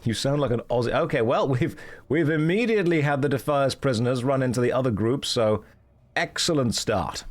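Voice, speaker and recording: A man's voice: mid-range voice, lively intonation, fairly quick. A man streaming a game, chatting casually and explaining mechanics in a playful, self-mocking way.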